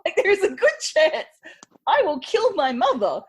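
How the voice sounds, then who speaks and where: A woman's voice: very high-pitched, sing-song, normal speed. A woman co-hosting a podcast, chatting casually, laughing often and slipping into silly voices. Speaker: podcast co-host. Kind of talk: casual chat.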